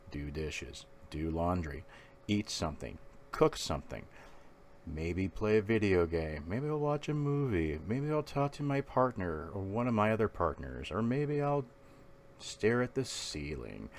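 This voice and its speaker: A man's voice: sits low, a little hiss or hum. A man talking in a casual, rambling monologue, swearing freely. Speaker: vlogger.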